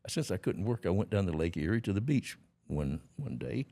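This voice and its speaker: A man's voice: deep voice, very animated, a little fast, mellow. A man, telling a story as a podcast guest in a folksy, laughing way. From Georgia, USA. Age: 80s. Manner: folksy, laughing often, plain rural grammar. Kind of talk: storytelling in a casual interview.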